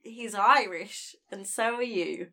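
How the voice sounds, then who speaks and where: A woman's voice: medium pitch, slow pace, gravelly, pushed and bright. Woman player, casual chatter, giggly. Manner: chatty, laughs often. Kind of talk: casual tabletop play.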